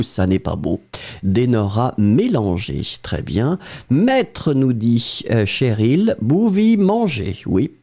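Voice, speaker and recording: Lively French-accented male teacher. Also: fairly high pitch. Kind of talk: live-stream language lesson, reading viewer answers.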